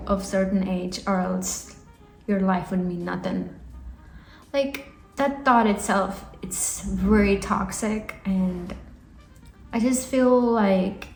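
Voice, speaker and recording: A woman in her twenties from India talks to camera in a casual talking-head vlog, earnest and encouraging, rambling a bit with fillers. Her voice is medium-pitched and gravelly with a darkish tone. The room echoes, and faint music plays.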